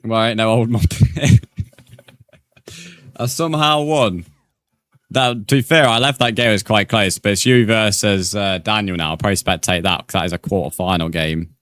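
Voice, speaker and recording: A man's voice: fairly low pitch, steady tone, fairly quick, a bit bright, no room sound. A young man streaming a game live, chatting casually with viewers and swearing freely. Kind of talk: live gaming commentary, reading chat.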